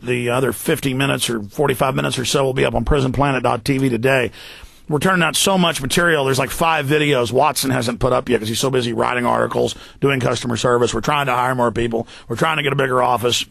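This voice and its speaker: A man hosting a talk show, delivering rapid, forceful political commentary with heavy emphasis. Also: mid-range voice, vocal fry.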